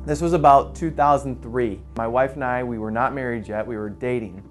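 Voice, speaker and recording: A man in his forties, a pastor, telling an earnest personal story in a quiet, soft-spoken way. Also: medium pitch, fairly quick. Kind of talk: personal testimony in a church video. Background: soft guitar music.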